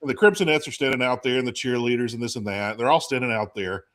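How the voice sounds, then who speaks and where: A man hosting a casual chat, telling a lively story and acting out quotes. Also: mid-range voice, fast talker. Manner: animated storyteller, acts out quotes. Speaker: podcast host.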